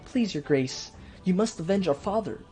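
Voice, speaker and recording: Guy voicing a pleading young woman, pitched way up, urgent. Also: lively intonation, normal speed, warm tone, soft background music. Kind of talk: let's play voice acting.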